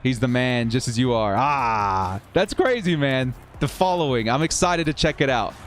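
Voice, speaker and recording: Calling simulated football plays on his live stream, this host keeps things casual and talks with his audience between plays. He speaks mid-range at a moderate pace; there is slight hiss or hum, and faint 1980s-style music plays behind him.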